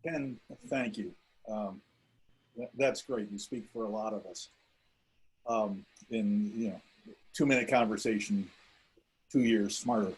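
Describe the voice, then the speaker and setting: A man's voice: on the low side, a little slow, pauses often, breathy edge, poor audio. A man hosting an online memorial event over a video call, introducing speakers in a rambling way with many fillers. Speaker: event host.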